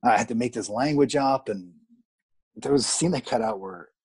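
Husky-voiced Canadian man telling candid stories. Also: medium pitch, moderate pace, no echo. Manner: candid, animated, swears freely. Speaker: actor guest. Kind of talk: casual interview storytelling.

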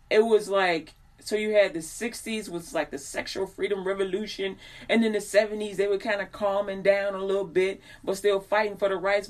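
A woman in her forties tells a personal story with a loose, chatty rhythm, wandering off on side points. She slips into voices for the people she quotes. Her speaking voice sits at a middle pitch. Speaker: host. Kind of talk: casual storytelling monologue.

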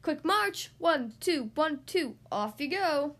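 A woman's voice: high-pitched, expressive, slow, fairly bright tone, pitched above the performer's own voice, full character voice. A woman doing a jolly, bossy storybook dad. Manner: jolly, commanding. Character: cheerful bossy father in charge.

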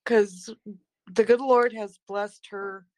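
A middle-aged woman speaks as a guest about her daughter. She tells the story in an earnest, steady way and acts out the quotes. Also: medium pitch, slow, slight background noise. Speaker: guest, mother of the other guest. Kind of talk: personal testimony.

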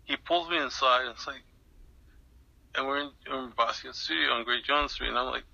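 A man's voice: medium pitch, fairly quick, gravelly, pushed and bright, no echo, lo-fi sound. An older man being interviewed, telling a long story in a rambling way with many restarts and fillers. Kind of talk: recounting an anecdote in an interview.

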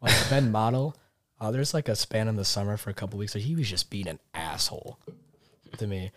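A young man with a low voice tells a long, rambling story on a podcast. He acts out the other people's lines and laughs along as he goes. The sound is dry and close. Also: brisk, no room sound. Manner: animated, laughing storyteller acting out quotes. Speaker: podcast guest. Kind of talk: casual storytelling. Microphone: podcast mic set slightly far.

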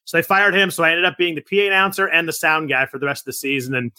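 Fast, bright-voiced chatty male guest. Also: a little high, fairly even intonation, no echo, studio quality. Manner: rapid, chatty, loose storytelling. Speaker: podcast guest. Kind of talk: casual podcast chat.

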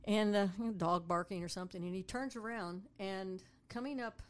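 A woman's voice: mid-range voice, fairly quick, clear, resonant tone. A woman telling a story casually, a tour guide who acts out the voices of the people in it. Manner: animated, acts out voices of people in her stories.

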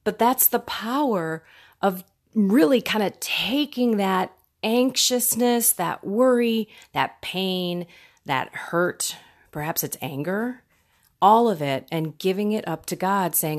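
A woman's voice: medium pitch, animated, takes it slowly. A woman host giving an earnest, conversational spiritual reflection, now and then acting out quoted voices. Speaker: podcast host. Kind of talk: faith reflection monologue.

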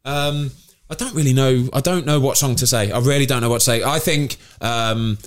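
A man hosting a relaxed podcast chat from an office. He talks with easy enthusiasm and a mid-range voice. He tends to repeat his points for emphasis. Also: medium pitch, normal speed. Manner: chatty, enthusiastic, repeats himself. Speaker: podcast host. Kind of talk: casual chat.

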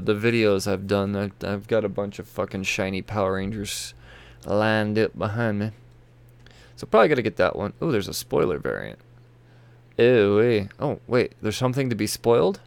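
A man's voice: on the low side, gravelly, clear, resonant tone, dry recording. A tired man hosting his comic book podcast, rambling and swearing casually as he reads through new releases. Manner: rambling, profane, self-interrupting. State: tired, yawning. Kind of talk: casual solo podcast chat. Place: home room with toy shelves behind.

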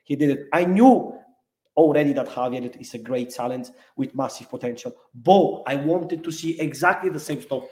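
A man's voice: mid-range voice, moderate pace, darkish tone. A man co-hosting a football podcast, talking enthusiastically in slightly non-native English phrasing. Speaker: podcast co-host. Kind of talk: casual football chat. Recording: echoey room.

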